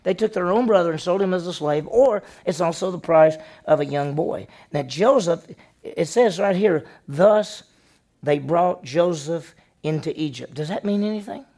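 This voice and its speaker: Preaching at an ordinary pace with a voice on the high side, a man pastor puts questions to his congregation. He performs the story with animated character voices.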